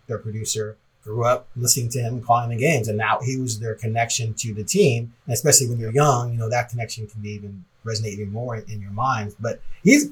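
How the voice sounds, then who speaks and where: A man chatting on a sports podcast, rambling and reflective, often breaking into a laugh. His voice sits at an ordinary middle pitch for a man. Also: slightly rough. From Portland, Oregon area. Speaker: podcast co-host. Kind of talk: casual podcast chat.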